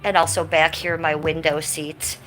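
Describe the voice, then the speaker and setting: A woman's voice: low-pitched, flat delivery, normal speed, a bit bright, faint music behind, poor audio. An American woman hosting a casual livestream while walking through her house, chatting with viewers and cooing at her pets. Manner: chatty, talks baby talk to her pets. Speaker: livestream host. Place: house, indoors and on the porch.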